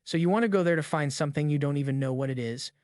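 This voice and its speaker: A man's voice: on the high side, very fast, darkish tone, no echo, lightly acted. A man voicing a young outcast hero who asks anxious questions, read as a dry recap voice-over. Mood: nervous. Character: young male academy outcast, nervous hero.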